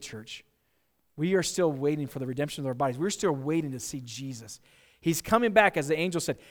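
A fairly high-voiced American man preaching to his church. His delivery is earnest and conversational, and he restarts and repeats words. His voice rings out with the long reverb of a church hall. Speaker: pastor. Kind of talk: sermon. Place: church sanctuary.

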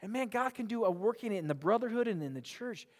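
A man's voice: sits high, animated, fast talker. A man pastor preaching a sermon in a church, earnest and emphatic, often repeating words as he presses a point. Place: church sanctuary. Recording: long reverb of a large hall.

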